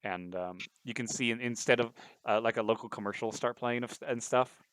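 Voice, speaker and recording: A man's voice: medium pitch, a little fast, dry recording. A man running a tabletop game as dungeon master, narrating casually with lots of fillers and restarts. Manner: rambling, many fillers, lively.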